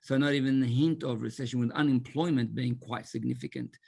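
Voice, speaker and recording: A man's voice: medium pitch, fairly even intonation, fairly quick, creaky, darkish tone, breathy edge, no room sound, clean studio sound. A man with a broad Australian accent giving a jokey, chatty presentation on an online panel over a video call.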